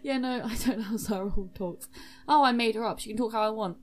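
A woman's voice: a little high, fast talker, a little mellow. A tipsy woman doing comedic improvised storytelling, giggly and self-mocking.

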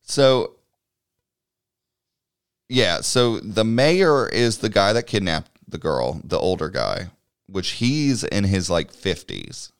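A man's voice: sits low, big pitch swings, slow, clean tone, dry recording, studio quality. A man chatting casually, recapping a movie at a meandering pace, swearing and chuckling as he goes. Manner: rambling and swears freely, chuckling while recapping.

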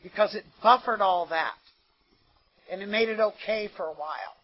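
A woman's voice: mid-range voice, normal speed. An American woman giving an earnest, conversational recovery testimony at a meeting, often saying "you know". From United States. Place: meeting room. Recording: dull lo-fi meeting tape.

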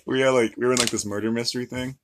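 A man's voice: mid-range voice, steady tone, rapid-fire, over a noisy crowd. A young man in casual, playful chat, rambling and laughing often.

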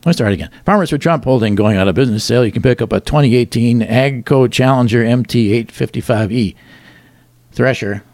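Gravelly man reading wry joke news. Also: mid-range voice, a little fast, a little mellow. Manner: dry, wry delivery with chuckles. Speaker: comedy show host.

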